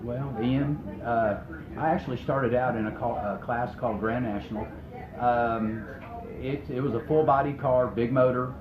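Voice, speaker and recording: Racer, phone-like sound. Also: male voice, medium pitch, fairly even intonation, normal speed, a crowd in the background. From Northwest Arkansas, USA. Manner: hesitant, repeats words, plain-spoken. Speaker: racing driver guest. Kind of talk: casual interview answers. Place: outdoor speedway. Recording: tinny phone-like sound, echoey, loud noise.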